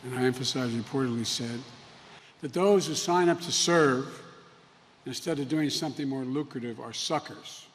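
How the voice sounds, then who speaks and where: A man's voice: mid-range voice, normal speed, slightly rough. A man giving a prepared political speech in an indignant, emphatic manner. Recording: long reverb with noise.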